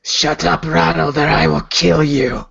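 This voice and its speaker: A man voicing a hoarse part-lizard male sea captain with a forked tongue, speaking slowly and threateningly. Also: a little high, a little hiss or hum, exaggerated voice. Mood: menacing. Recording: dull lo-fi recording.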